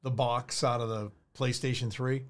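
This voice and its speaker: A man's voice: medium pitch, flat delivery, moderate pace. A man co-hosting a casual podcast chat, jumping in with eager comments and casual swearing. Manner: enthusiastic interjections, swears casually. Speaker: podcast co-host.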